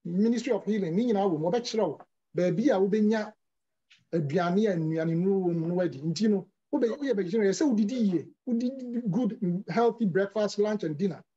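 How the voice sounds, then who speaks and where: A man's voice: high voice, a little fast, dark tone, breathy edge, muffled recording. A man answering health and diet questions from callers in an instructive, explanatory way, now and then restarting words. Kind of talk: explanatory talk with English terms.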